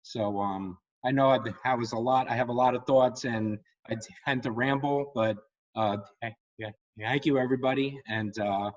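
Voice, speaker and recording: A man who stutters on repeated sounds and fills pauses with um and you know, sharing personal thoughts in a meeting. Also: mid-range voice, fairly even intonation, lo-fi sound. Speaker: meeting participant.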